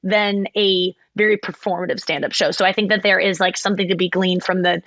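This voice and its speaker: A woman's voice: fairly low pitch, fairly even intonation, brisk, a bit bright, dry recording, lo-fi sound. A woman hosting a podcast in casual chat, talking candidly and rambling with many fillers and restarts. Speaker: podcast host.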